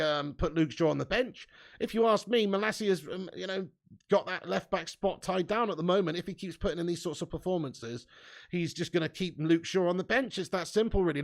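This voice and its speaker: This is a young man hosting a live stream. He is reading viewer comments aloud. His voice is gravelly and sits a little high. His delivery is loose and laddish, with laughs and the odd swear word. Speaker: fan channel host reading live chat. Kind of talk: casual live-stream chat.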